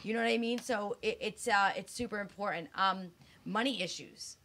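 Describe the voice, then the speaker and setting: A woman's voice: mid-range voice, moderate pace, bright, forceful tone. A woman in her thirties co-hosting a casual, frank chat, blunt and swearing freely, her speech slightly slurred from dental work. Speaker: co-host.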